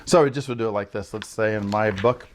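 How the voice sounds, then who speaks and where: A man's voice: fairly low pitch, quick pace, a little hiss or hum. A man who teaches young children explains early writing steps to parents, often checking in with "right?" and acting out what he says to children. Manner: explains with frequent "right?" check-ins and modeled child-directed lines. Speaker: early childhood literacy educator. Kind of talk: instructional talk to parents.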